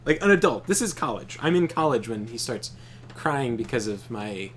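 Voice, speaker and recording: A man's voice: medium pitch, normal speed, slight background noise. Young man swearing through gaming stories. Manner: animated storytelling, swears often. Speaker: streamer. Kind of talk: casual chat while gaming.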